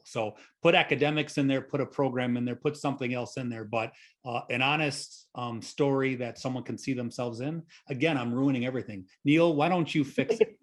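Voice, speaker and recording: Regular-voiced guy on a panel, casual, jokes at his own expense. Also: medium pitch. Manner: casual and self-deprecating. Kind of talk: panel discussion.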